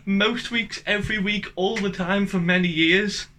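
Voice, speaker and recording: A young man co-hosting a comedy podcast, swearing freely and breaking into quick excitable outbursts in casual banter. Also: sits high, slight background noise. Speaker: podcast co-host.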